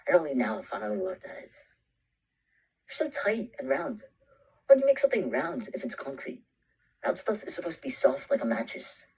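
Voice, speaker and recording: A man's voice: medium pitch, breathy edge, low-quality recording. An actor playing an anxious, introspective young man who narrates a short film in a half-whispered voice. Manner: brooding, often half-whispered, breaks into panicked shouts.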